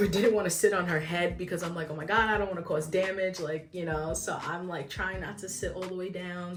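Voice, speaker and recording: A young woman chatting through a casual story, her voice low for a woman and full of fillers. She sounds a little far from the mic in an echoey room, and faint music plays behind her. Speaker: vlogger.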